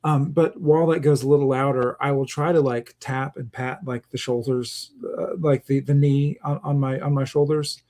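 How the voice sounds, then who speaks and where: A man's voice: medium pitch, steady tone, normal speed, few pauses, mellow. A man playing a tabletop game, talking casually with hesitant fillers as he describes what his character does. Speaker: player. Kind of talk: tabletop role-play, in character.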